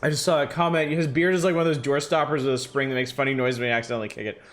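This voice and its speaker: A man's voice: mid-range voice, fairly even intonation, rapid-fire, a bit bright, soft background music. A male streamer giving casual, joking commentary while playing a game and chatting with viewers. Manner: joking, chatty, addresses chat.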